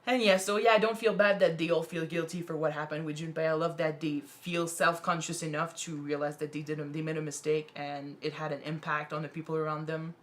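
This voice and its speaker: A woman with a somewhat low voice chats casually in English, which is not her first language. She talks earnestly and rambles, often restarting and filling gaps with "you know." Her voice is starting to give out. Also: steady tone, brisk, hardly any pauses. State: losing her voice. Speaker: reaction video co-host. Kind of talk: casual chat.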